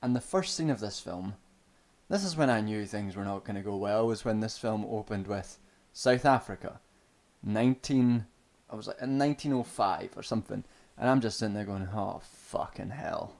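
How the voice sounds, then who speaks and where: A man's voice: fairly low pitch, normal speed, a little mellow. A young Scottish man streaming, ranting casually and sardonically about a film, swearing often and restarting his sentences. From Scotland. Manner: profane, sardonic, rambling with restarts.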